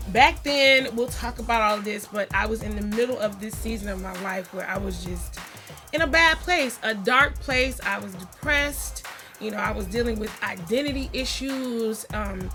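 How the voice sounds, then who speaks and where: A middle-aged woman telling stories in a chatty, animated way as she introduces her family on her vlog. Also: a little high. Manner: animated, chatty, acts out quotes. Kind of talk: casual storytelling vlog.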